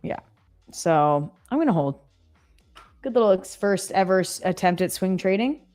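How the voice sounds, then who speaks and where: A woman's voice: mid-range voice, animated, normal speed, darkish tone, faint music behind. A woman in her thirties co-hosting a live trading stream, chatty and self-mocking, asking questions. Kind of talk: casual live trading chat.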